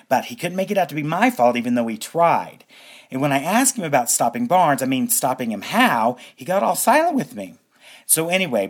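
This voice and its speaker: An actor in a radio drama playing a naive young man who rambles through his story in a chatty, storytelling way. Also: mid-range voice.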